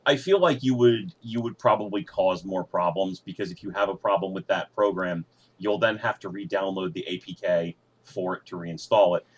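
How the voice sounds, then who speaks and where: A male podcast host with a low, husky voice chats in a relaxed way. He explains things patiently and drops the odd casual swear word. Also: moderate pace, lo-fi sound. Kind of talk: casual chat.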